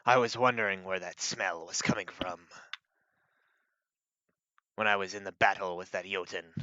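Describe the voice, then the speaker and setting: A deep, grumbling dragon, as a game master puts it on, looming and threatening over small adventurers. The tone is bright and clean on a dull, lo-fi mic. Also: male voice, fairly even intonation, normal speed, no room sound. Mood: menacing.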